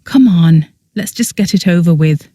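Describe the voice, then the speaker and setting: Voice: medium pitch, normal speed, mellow, no room sound, clean studio sound, close to an everyday voice. Narrator doing a cheerful, teasing young woman. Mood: encouraging. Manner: light-hearted, teasing.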